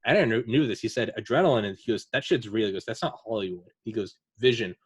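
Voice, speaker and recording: Low-voiced man telling stories, casual. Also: lively intonation, fast, breathy edge, no echo. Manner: rambling, filler-heavy retelling of veterans' stories. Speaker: podcast host. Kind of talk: casual storytelling chat.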